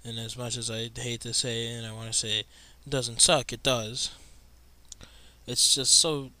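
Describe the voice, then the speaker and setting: A young man reacting live to a football game he is watching, muttering and exasperated, with sudden loud outbursts. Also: mid-range voice, little pitch movement, a little slow, dry recording. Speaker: sports fan watching a game.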